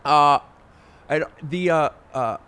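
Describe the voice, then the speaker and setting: A man hosting a casual podcast interview, halting and searching for words with many restarts. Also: fairly high pitch, bright, forceful tone, clean tone. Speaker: podcast host.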